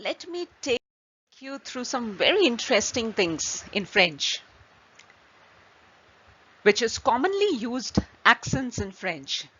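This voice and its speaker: A woman's voice: fairly high pitch, a bit bright, breathy edge. A woman hosting an online French lesson, explaining patiently step by step with examples. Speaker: French teacher. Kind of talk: slow online language lesson. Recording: slightly dull lo-fi recording.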